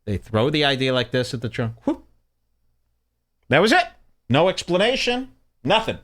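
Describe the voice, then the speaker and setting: A man's voice: mid-range voice, a little fast. A middle-aged man from the Chicago suburbs hosting a podcast, telling stories in casual chat and acting out the quotes. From Chicago suburbs, USA. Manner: animated storyteller, acts out quotes. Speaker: podcast host.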